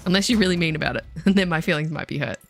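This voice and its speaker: A woman's voice: sits low, lively intonation, very fast, gravelly, fairly bright tone. A woman chatting casually with her viewers while she plays, self-deprecating and easily sidetracked. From Australia. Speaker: game streamer. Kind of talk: casual chat while gaming.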